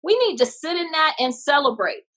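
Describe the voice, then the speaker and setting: Woman, comedian, lively storytelling, voices in her tales, bright tone. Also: high voice, brisk, low-quality recording. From Texas. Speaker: comedian guest. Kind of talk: animated storytelling interview.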